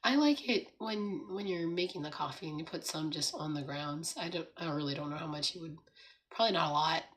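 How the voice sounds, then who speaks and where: Hoarse, raspy woman on a livestream. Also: low-pitched, a little fast, fairly bright tone. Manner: chatty, laughs often, greets viewers and reads out chat. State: hoarse from laryngitis. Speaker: livestream host. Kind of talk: casual morning livestream chat. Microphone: streaming setup.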